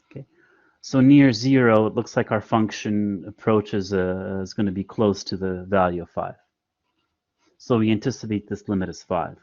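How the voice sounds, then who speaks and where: Deep-voiced man teaching online. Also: normal speed, darkish tone, no echo, dull audio. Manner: patient, step-by-step explaining with frequent fillers. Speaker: math instructor. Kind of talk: online lecture.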